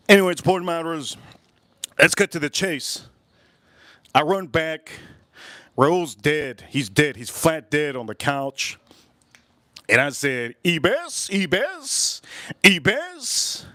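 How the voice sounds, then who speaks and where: A man hosting a live grilling stream, telling an animated story and repeating phrases for emphasis. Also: on the high side, no echo. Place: at a charcoal grill.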